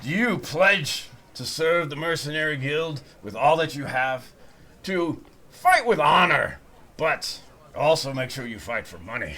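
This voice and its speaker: Man doing a loud pushy half-orc recruiter. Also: a little high, very animated, measured pace, full character voice. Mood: boisterous. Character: gruff male half-orc mercenary recruiter.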